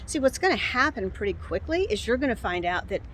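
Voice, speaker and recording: A woman in her sixties giving gentle, encouraging self-help advice outdoors on a bright day, often repeating herself and restarting phrases. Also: on the high side, very animated, brisk, slight background noise. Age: 60s. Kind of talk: casual instructional talk to camera.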